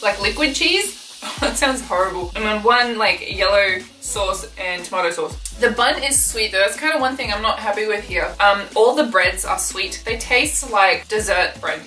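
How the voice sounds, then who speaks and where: A young woman with an Australian accent talks her way through a fast-food taste test, chatty and quick to giggle. Her voice is bright and forward. The room echoes, with the mic set back from her. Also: medium pitch, recorded from a distance. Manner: chatty, giggly, thinking aloud. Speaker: food vlogger. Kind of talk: casual food review vlog. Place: bedroom at home.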